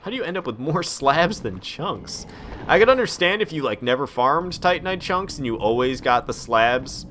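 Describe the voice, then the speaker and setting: A man's voice: on the high side, sing-song, normal speed, pushed and bright, a little hiss or hum. A young man streaming a video game at home, rambling casually and reading chat messages aloud.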